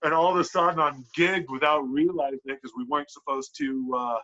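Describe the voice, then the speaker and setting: A man on a podcast telling a wrestling story in casual, animated talk, swearing a lot and filling with "like". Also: fairly high pitch, fairly quick. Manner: animated, profane, lots of "like" fillers. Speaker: podcast guest, pro wrestler. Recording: dull lo-fi podcast audio.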